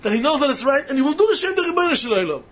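A man with giving a sermon-style talk to yeshiva students, emphatic and repetitive, swinging between loud stresses and hushed asides, on a muffled lo-fi recording. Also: extremely high pitch, sing-song, rapid-fire. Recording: muffled lo-fi recording with faint hiss.

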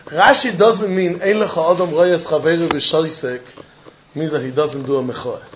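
A man teaching a Talmud class, arguing through the text in an animated way and throwing pointed questions at his students. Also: on the high side, normal speed, dull audio, slight background noise. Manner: animated, argumentative, mixing Yiddish and Hebrew terms into English.

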